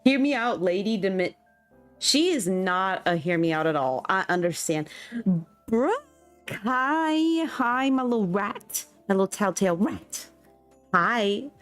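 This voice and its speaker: Animated young woman chatting on stream. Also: medium pitch, unhurried, soft background music. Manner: animated, laughs often, reacts to chat. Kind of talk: casual livestream chat with viewers.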